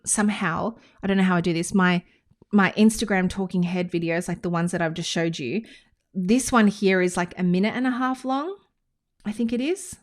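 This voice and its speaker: Chatty Australian woman coaching to camera. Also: on the low side. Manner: chatty, enthusiastic, quick asides. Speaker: business coach. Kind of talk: casual teaching monologue to camera. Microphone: screen-recorded talking head with whiteboard.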